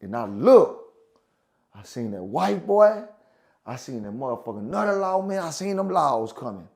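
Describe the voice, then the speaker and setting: A man telling profane, animated prison stories in casual chat, repeating phrases for effect. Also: mid-range voice, moderate pace, vocal fry. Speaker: guest storyteller.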